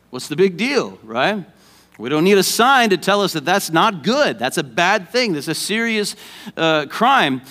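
A man's voice: high-pitched, sharp tone. A man preaching a sermon as pastor, conversational and joking, then rising to emphatic points.

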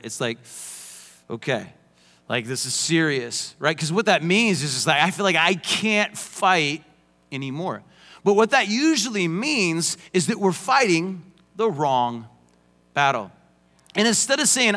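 A man's voice: high-pitched, expressive, unhurried, sharp tone. A young adult man preaching a sermon, emphatic with joking asides. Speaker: pastor. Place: church sanctuary. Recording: long hall reverb.

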